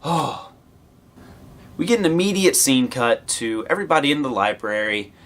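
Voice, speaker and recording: A man hosting a review show, talking in an excited, casual way with rambling asides and sudden bursts of cheering. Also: mid-range voice, moderate pace.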